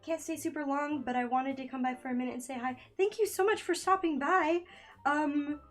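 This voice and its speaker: A woman's voice: sits high, steady tone, a little fast, soft background music. A young woman streaming from a makeshift home setup, chatting nervously and giggling while she draws, often losing her train of thought. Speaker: streamer and digital artist. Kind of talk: casual live-stream chat while drawing. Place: home room by a window. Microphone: studio microphone in a makeshift home setup.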